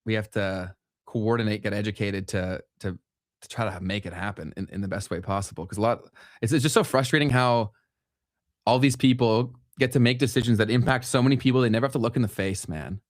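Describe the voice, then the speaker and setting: A man's voice: on the low side, brisk, no echo, clean studio sound. A blunt, opinionated young man from Canada, co-hosting a casual podcast chat with frequent restarts. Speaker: podcast co-host.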